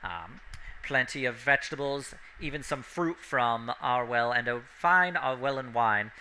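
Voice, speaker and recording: A man's voice: mid-range voice, animated, measured pace, bright, forceful tone, slight background noise, poor audio. A man voicing a haughty, condescending noble lord who is a necromancer, for a tabletop game. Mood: pompous. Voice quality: haughty, condescending, politely stiff. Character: pompous new male noble lord, a necromancer.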